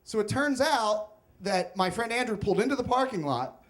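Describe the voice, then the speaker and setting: A man's voice: sits high, lively intonation, moderate pace, fairly bright tone. A young man telling a comic, self-mocking personal story on stage at a live storytelling event.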